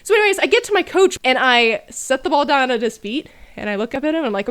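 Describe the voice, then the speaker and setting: A woman's voice: sits high, very animated, fast talker, a bit bright, clean tone. A woman telling a casual story about her childhood with dry, self-mocking humor. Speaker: storyteller over gameplay.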